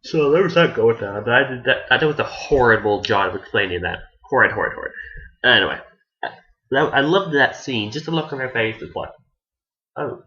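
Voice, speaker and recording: A man's voice: medium pitch, lively intonation, fairly quick, pushed and bright, highs cut off. A man giving a casual, rambling anime review who restarts his sentences often and swears offhandedly.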